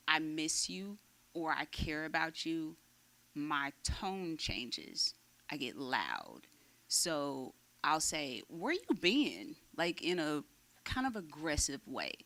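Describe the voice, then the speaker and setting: A woman speaks candidly in a church group, low in pitch and unhurried. Her voice is bright and clear-edged, broken by fillers and restarts as she shares. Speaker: church member sharing.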